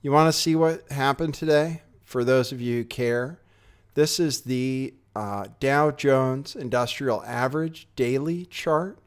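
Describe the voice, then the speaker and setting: A man's voice: medium pitch, measured pace, clean tone. A man hosting a casual commentary show, talking in a sardonic, rambling way with offhand asides. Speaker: host. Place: home studio, California.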